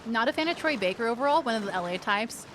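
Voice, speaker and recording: A woman streaming a game, chatting casually and reacting with animated outbursts and swearing. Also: a little high, quick pace, a little hiss or hum. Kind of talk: casual gaming commentary.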